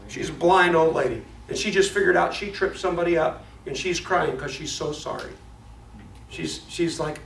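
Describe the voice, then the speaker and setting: A man teaching a Bible study in a casual, animated way, often restarting his words as he tells a story. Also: on the high side, normal speed, vocal fry. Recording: echoey room, mic at a distance, faint noise.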